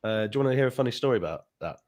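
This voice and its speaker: A man's voice: mid-range voice, rapid-fire. A man hosting a podcast, chatting casually and acting out the voices of people in his story. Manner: animated, acts out quoted voices. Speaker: podcast host.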